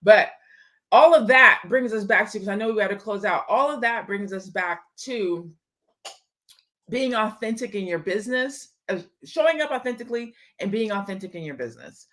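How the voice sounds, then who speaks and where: A woman co-hosting a casual chat, conversational and relaxed, closing out with announcements. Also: medium pitch, moderate pace. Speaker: co-host.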